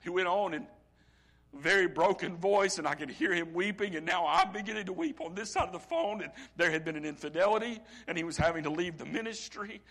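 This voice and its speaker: A middle-aged man preaching a sermon as pastor, swinging from hushed, near-whispered lines to loud, ringing ones and stretching out key phrases slowly. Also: high voice, animated. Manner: slow, drawn-out emphasis on key phrases.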